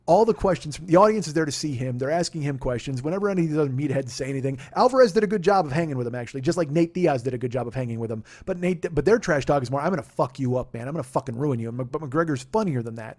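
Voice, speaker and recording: A man in his forties hosting a podcast, telling a story in a casual, profane, animated way and laughing at his own retellings. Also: on the high side. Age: 40s. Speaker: podcast host.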